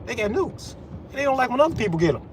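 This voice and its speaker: A man's voice: very high-pitched, very animated, very fast, noisy background. A man giving a profane, confrontational rant as a vlogger. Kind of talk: ranting monologue.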